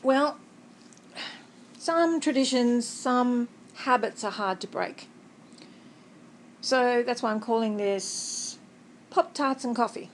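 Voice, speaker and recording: A woman's voice: on the high side, slow, long pauses, slight background noise, poor audio. An Australian woman chatting in a rambling, conversational way in a personal vlog, often laughing, sitting up in bed in a hotel room. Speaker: vlogger.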